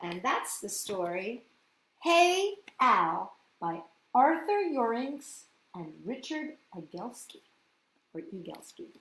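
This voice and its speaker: A woman hosting a children's story reading, gentle and sing-song, often asking her listeners questions. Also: on the high side, very animated, slow. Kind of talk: children's storybook read-aloud. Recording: roomy echoey room.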